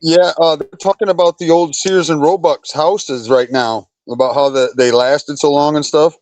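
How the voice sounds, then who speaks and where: A man calling into a stream for a relaxed, casual chat, breaking off now and then to talk to his dogs. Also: on the high side, moderate pace, poor audio. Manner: relaxed, talks to his dogs between remarks. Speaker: guest caller.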